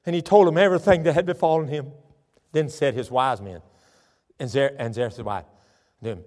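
Animated preacher in a reverberant church. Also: male voice, mid-range voice, fairly quick, long pauses. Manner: animated storytelling, reading scripture aloud. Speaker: pastor. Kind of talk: sermon. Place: church sanctuary. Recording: long church hall reverb.

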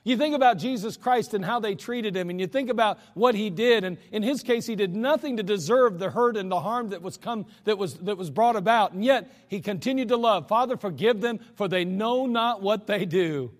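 A man's voice: sits high, a little fast, hardly any pauses. A male pastor preaching a sermon in a folksy, emphatic way, with chuckling asides, in a church sanctuary. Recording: long hall reverb.

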